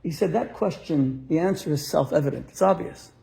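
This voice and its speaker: A man's voice: on the high side, a little fast, creaky, dark tone. A middle-aged male rabbi telling a story in a sermon, acting out both sides of a conversation and landing punchlines. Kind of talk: storytelling sermon to a live audience.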